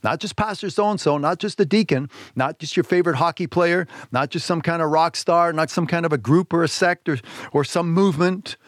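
A man hosting a radio sermon, reading scripture slowly and with emphasis, and asking listeners to repeat lines with him. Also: fairly high pitch, no echo, clean studio sound. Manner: emphatic, slows down to stress scripture. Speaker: radio preacher, host.

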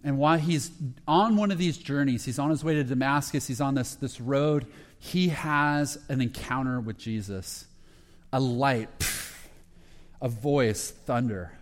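A man preaching a sermon as a pastor, retelling a story with lively quoted voices. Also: mid-range voice, a little slow. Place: church sanctuary. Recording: long reverb of a hall.

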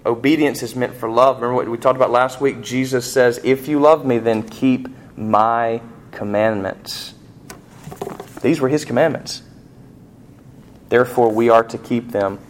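A middle-aged man preaching a sermon, asking the congregation rhetorical questions and rising sharply in pitch and volume on emphatic points. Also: steady tone, unhurried. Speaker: pastor.

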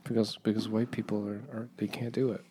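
A man's voice: fairly low pitch, little pitch movement, a little fast, warm tone, a little hiss or hum. A man co-hosting a comedy podcast, rambling with lots of swearing and restarts. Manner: profane, rambling, restarts sentences. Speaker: podcast co-host. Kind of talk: casual comedic banter.

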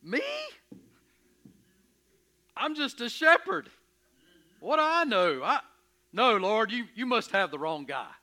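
A man playing Moses in a dramatic first-person sermon, telling his story with emphatic, expressive energy and stammering when anxious. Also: high-pitched, slow, long pauses, full character voice. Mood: flustered. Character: Moses, earnest, stubborn, curious shepherd. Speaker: preacher in character.

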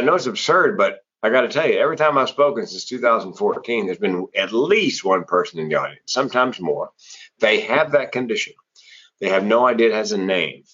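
A middle-aged man with a husky voice, a public speaker and former comedian telling stories in an interview and acting out the people he quotes. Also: lowish voice. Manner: animated storyteller who acts out quoted voices. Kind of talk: conversational storytelling in an interview. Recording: slightly dull, lo-fi audio.

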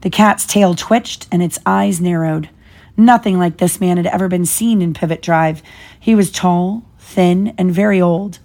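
A woman's voice: on the low side, unhurried, a little mellow. A mother reading a children's novel aloud to her child, stopping now and then to explain things. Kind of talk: storybook read-aloud.

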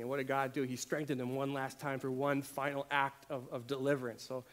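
A man preaching a sermon, swinging between hushed, quiet lines and loud, emphatic ones, often repeating words for emphasis. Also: medium pitch, little pitch movement, brisk, few pauses.

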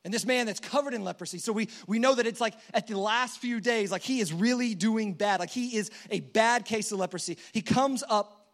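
A man's voice: sits high, a little fast. A man preaching a sermon in a casual, conversational storytelling manner.

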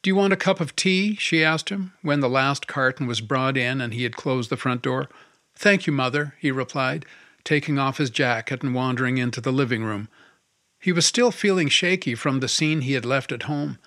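The male audiobook narrator reads his novel in an even, measured manner, his voice sitting mid-range. The studio-quality recording is dry, and the material is scripted narration.

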